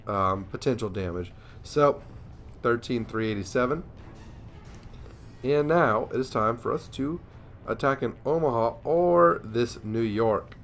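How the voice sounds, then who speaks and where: A man's voice: mid-range voice, expressive, unhurried, fairly bright tone. Man, young adult, gameplay commentator, casual, yawning, self-deprecating, faint background music.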